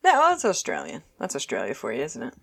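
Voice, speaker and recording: Low-voiced woman chatting playfully. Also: huge pitch swings, gravelly, husky. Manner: playful, acts out characters in quick voices, laughs often. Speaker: podcast co-host. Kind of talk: casual chat recapping a TV episode.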